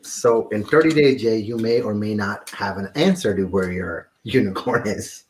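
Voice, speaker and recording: A man's voice: on the low side, moderate pace, slight background noise. A man hosting a casual model-building stream, chatting and telling stories with lots of fillers. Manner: rambling storyteller, frequent fillers. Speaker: stream host. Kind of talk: casual chat.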